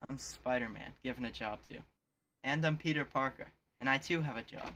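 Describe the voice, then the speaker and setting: A man's voice: medium pitch, a little fast, bright, forceful tone, slight background noise, lightly acted. A man playing a young earnest hero, delivering a solemn, dramatic inner monologue. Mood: brooding.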